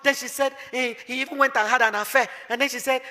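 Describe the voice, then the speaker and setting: A woman's voice: high voice, quick pace, hardly any pauses, bright, forceful tone, in a large hall. A woman pastor preaching emphatically, firing rhetorical questions and telling stories. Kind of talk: sermon.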